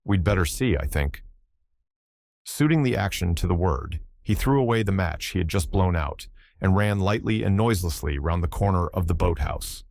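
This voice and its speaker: A man narrating an audiobook in a measured, even scripted reading, recorded close to the mic. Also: deep voice, gravelly, dry recording.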